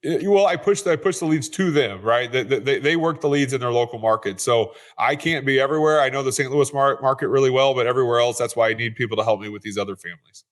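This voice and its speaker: A man's voice: mid-range voice, fast talker, hardly any pauses. A man who is a real estate investor, speaking as a guest in a casual interview, earnest and often repeating words as he restarts.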